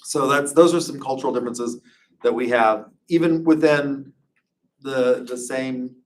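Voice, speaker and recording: A man teaches in a relaxed, chatty way, wandering into anecdotes as he talks. His voice sits at an ordinary pitch and sounds somewhat distant from the microphone. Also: unhurried. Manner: chatty, anecdotal, loose storytelling. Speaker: instructor. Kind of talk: informal classroom lecture.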